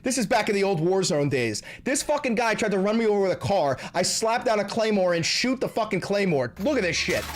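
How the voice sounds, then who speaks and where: Animated, swearing New streamer. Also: male voice, high-pitched, a little fast, hardly any pauses, slight background noise. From New York. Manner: animated, profane banter. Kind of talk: casual reaction stream.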